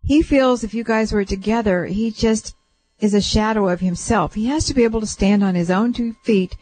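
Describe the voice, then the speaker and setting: Soothing woman with a mellow voice. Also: mid-range voice, moderate pace, a little hiss or hum, poor audio. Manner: gentle, reassuring, relays what she senses in layers. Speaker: psychic radio host. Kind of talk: soothing call-in reading. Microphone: radio studio mic.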